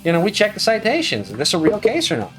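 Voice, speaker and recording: A man's voice: high voice, huge pitch swings, quick pace, music in the background. A middle-aged man, a law professor guest, talking frankly and wryly in a casual interview. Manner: frank, wry, self-correcting.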